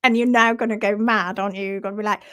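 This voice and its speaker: A woman's voice: mid-range voice, fairly even intonation, quick pace, fairly bright tone. A woman presenting a casual live stream on hoof care, chatty and giggly.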